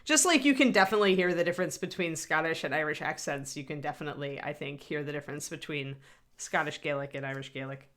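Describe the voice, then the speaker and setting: Middle-aged woman, bright voice, rambling livestream host who chats with viewers. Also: low-pitched, quick pace. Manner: chatty, rambling, answers chat. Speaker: livestream host painting miniatures. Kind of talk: casual livestream chat.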